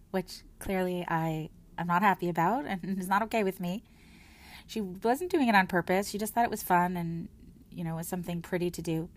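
A woman speaks in an earnest, soft-spoken way, reflecting on her own experience. Her sentences often double back as she repeats words and restarts phrases. Her voice sits at a middling pitch, and the recording is dry and close. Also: no room sound. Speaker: mother sharing her personal experience. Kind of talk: reflective personal talk.

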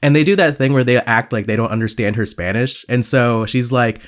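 A young man co-hosting a casual podcast, telling stories and putting on squeaky voices for the people he quotes. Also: fast talker, hardly any pauses, a bit bright. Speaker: podcast co-host. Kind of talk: casual chat.

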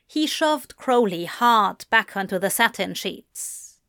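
A woman reading a story aloud in a slow, deliberate way. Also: mid-range voice, lively intonation, fairly bright tone, no echo, studio quality. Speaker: reader. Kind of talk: fan fiction reading.

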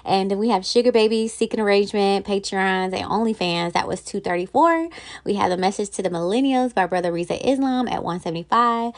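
A woman's voice: mid-range voice, fairly quick. A woman hosting her own podcast in casual solo chat, upbeat and chatty, talking straight to her listeners. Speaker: podcast host.

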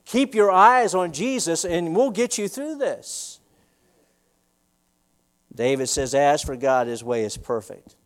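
A man preaching from the pulpit in a church, his voice sitting a little high for a man. He acts out desperate prayers with sudden rises in pitch and force, then settles low and quiet to explain the scripture. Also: very animated, slow pace, pauses often. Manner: preaching with dramatic acted-out prayers, voice rising sharply when quoting. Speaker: pastor. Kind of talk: sermon.

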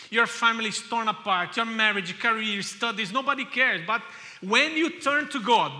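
A man preaching a sermon with passion, repeating key phrases and building to loud cries. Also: high-pitched. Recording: long hall reverb.

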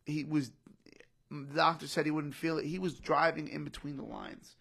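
A man's voice: a little high, flat delivery, moderate pace, creaky, fairly bright tone, breathy edge. A young man telling an emotional personal story in casual podcast chat, often saying "bro" and "literally". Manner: repeats himself, says "bro" and "literally" often. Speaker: podcast guest, comedian.

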